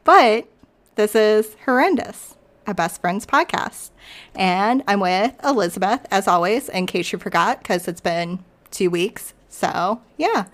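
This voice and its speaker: A woman's voice: medium pitch, lively intonation, unhurried. A woman hosting a podcast, opening the show in casual, chatty talk. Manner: chatty, apologetic show opener. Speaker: podcast host. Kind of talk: casual chat.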